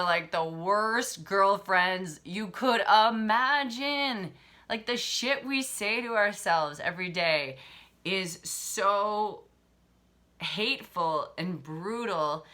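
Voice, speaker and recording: Woman coach talkin straight, lowish voice, bright and forceful, swears n laughs a lot. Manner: candid, swears freely, laughs often, acts out harsh inner voices. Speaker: relationship coach. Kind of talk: casual motivational talk.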